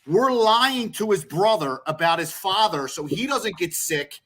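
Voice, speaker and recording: A man with a fairly high voice chats casually as host. He jumps in mid-story to add quick side details. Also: animated, a bit bright. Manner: jumps in to add context, fast and conversational. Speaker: talk show host. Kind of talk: casual chat.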